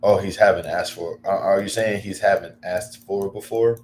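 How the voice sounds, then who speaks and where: A man chatting casually on a livestream, rambling with lots of fillers and breaking into excited bursts. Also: sits low, moderate pace, slight background noise.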